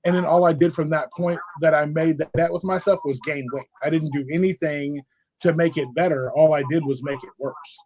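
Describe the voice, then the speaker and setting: A man's voice: on the high side, fairly even intonation, fairly quick, a little mellow. A man in his forties, a podcast guest telling his story in a frank, emphatic, conversational way. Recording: dull lo-fi audio with faint noise.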